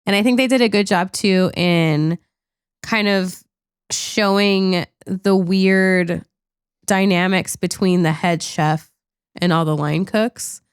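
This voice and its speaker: A woman talks casually on a podcast, rambling with plenty of "like" and the odd swear. Her voice is smooth and clear, pitched on the low side. The sound is dry and close, with no room around it. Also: slow pace, no room sound. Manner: chatty, animated, peppered with "like" and swearing. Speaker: podcast co-host. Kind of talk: casual movie review chat.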